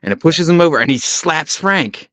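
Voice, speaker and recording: A man co-hosting a casual podcast chat, laughing often and retelling scenes with animated quotes. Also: fairly high pitch, moderate pace, no echo. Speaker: podcast co-host.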